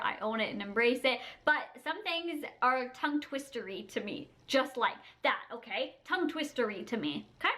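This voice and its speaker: Young female vlogger, high-pitched, sassy and animated, laughs a lot, casual rant. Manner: animated, sassy, laughs often, mimics people. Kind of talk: casual ranting to camera.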